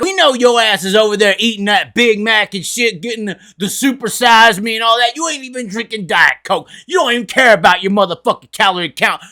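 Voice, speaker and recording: Brief: a drunk, profane vlog host with a high, bright voice, heated and mocking. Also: male voice.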